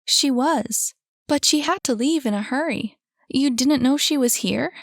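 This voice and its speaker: A woman's voice: high voice, measured pace, no room sound, studio quality, pitched above the performer's own voice. A woman voicing a nervous young man who stammers and hesitates.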